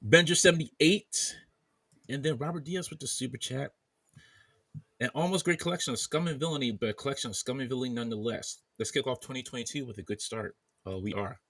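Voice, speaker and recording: A man's voice: medium pitch, brisk, a bit bright, no room sound. A man hosting a casual podcast chat, reading off viewer names in a running list. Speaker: podcast host. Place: at home in bed, wearing headphones.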